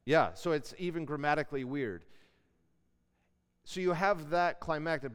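A man's voice: fairly high pitch, normal speed, clear, resonant tone. A man giving a classroom Bible lecture in a conversational way, putting questions to his students. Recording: long hall reverb.

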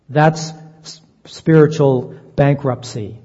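A man preaching a sermon in an earnest voice, slowing down to stress key phrases. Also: a little high, mellow, husky. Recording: dull lo-fi sound, long reverb.

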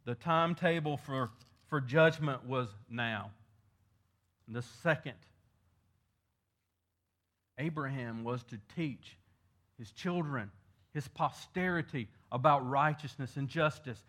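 A man's voice: fairly high pitch, measured pace, pauses often, pushed and bright. A male pastor, preaching a sermon, building in emphasis on key points.

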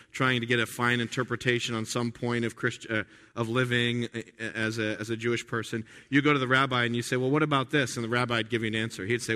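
A man preaches a sermon in a conversational way, full of restarts and rhetorical questions. His voice is bright and forceful, at a middle pitch. He drops into quiet asides and then jumps up loud to stress a point. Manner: swings from quiet asides to loud emphatic lines. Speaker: pastor.

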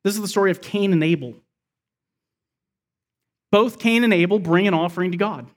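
High-voiced man preaching a sermon. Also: moderate pace. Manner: expository, explains scripture verse by verse. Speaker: pastor.

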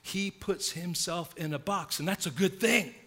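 Bright-voiced man preaching a sermon. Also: sits high, a little slow. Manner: emphatic preaching, swinging between loud stresses and hushed asides. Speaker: pastor.

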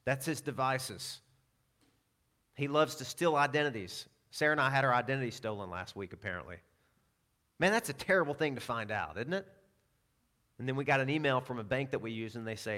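A man's voice: medium pitch, animated, brisk, fairly bright tone. Conversational man preaching a sermon. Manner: conversational, storytelling with self-deprecating asides. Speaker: pastor.

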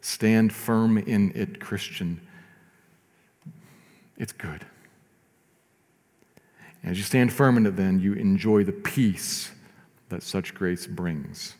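A man preaching a sermon as pastor, earnest, rising to emphatic lines and dropping to soft, slow ones. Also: on the low side, in a large hall.

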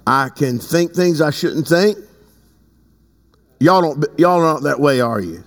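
A man preaching a sermon as bishop of his church, talking conversationally and breaking into loud emphatic bursts. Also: fairly high pitch, expressive, measured pace. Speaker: bishop and pastor. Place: church sanctuary. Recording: long reverb in a large hall.

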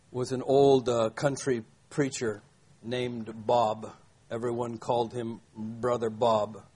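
A man's voice: medium pitch, a little mellow, slightly rough. An older man preaching a sermon, emphatic, repeating key phrases and asking rhetorical questions. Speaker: pastor.

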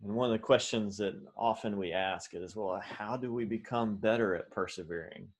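A male pastor preaching a sermon in an animated way, with fillers and restarts. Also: fairly low pitch, normal speed, breathy edge.

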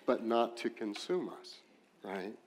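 A man with a West Texas accent preaching a sermon as pastor, animated, with joking asides and rising emphatic questions. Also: fairly low pitch, takes it slowly.

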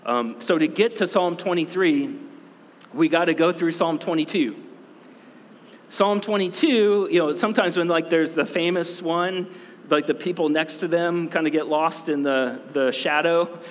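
A man preaching a sermon as pastor, talking casually with many fillers and quick asides. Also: a little high. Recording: long reverb in a hall.

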